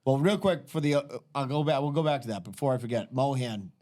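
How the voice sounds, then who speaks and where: A man's voice: mid-range voice, animated, fast talker, warm tone. A man hosting a podcast, rambling in casual profane banter with lots of fillers. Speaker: podcast host.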